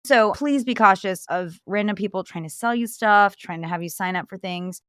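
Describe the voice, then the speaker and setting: A woman's voice: medium pitch, normal speed, a bit bright, clear, resonant tone, no echo, studio quality. A woman giving travel safety advice in a conversational, earnest way, telling stories with animation. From Florida-based.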